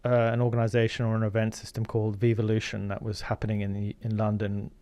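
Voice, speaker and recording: A middle-aged Zimbabwean man, a media founder appearing as an interview guest, tells stories earnestly and casually, using many fillers. His voice sits on the low side with a dark tone and a completely flat, fast delivery. The recording is dry.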